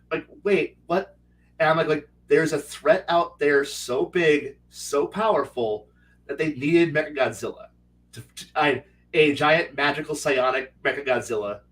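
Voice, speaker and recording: A man in casual chat who tells stories from running his tabletop game. He rambles and restarts often, slipping into quick voices for his players. His voice sits a little high and sounds somewhat distant from the mic. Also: a bit bright. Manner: rambling, many restarts, acts out players' lines. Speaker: game master.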